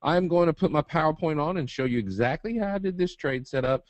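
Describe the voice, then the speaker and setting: A man's voice: a little high, animated, fairly quick, dry recording, highs cut off. A man from Eastern Kentucky with a Southern drawl, presenting a live trading webinar in a folksy, joking, straight-talking way.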